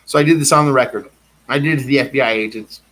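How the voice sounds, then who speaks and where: A man's voice: mid-range voice, racing, a bit bright. A man delivering a rambling personal monologue, insistent and repetitive, circling back to the same claims again and again.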